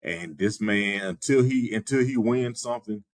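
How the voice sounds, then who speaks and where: A man with a very low voice co-hosting a casual sports podcast. He talks in a measured way with dry, sarcastic jabs, and the sound is close and dry, with no room echo. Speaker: podcast co-host.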